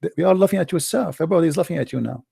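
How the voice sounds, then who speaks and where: Man, live-stream host, mocking and blunt, higher voice, dark tone. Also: animated, very fast, creaky, breathy edge. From Middle East. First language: Arabic. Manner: combative, mocking, blunt insults. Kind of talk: heated live-stream debate.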